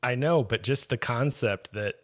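A man's voice: medium pitch, unhurried. A man talking as a podcast guest in casual chat, rambling and hesitant, often trailing off.

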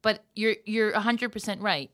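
Woman podcast co-host, opinionated, laying things out, bright tense tone. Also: mid-range voice, fairly even intonation, normal speed. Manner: explanatory, opinionated. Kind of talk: casual chat.

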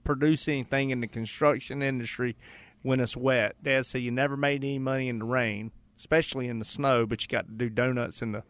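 A man's voice: medium pitch, steady tone, brisk, a bit bright, dry recording. A man with a Southern US accent co-hosting a radio show, telling rambling, joking stories in casual banter.

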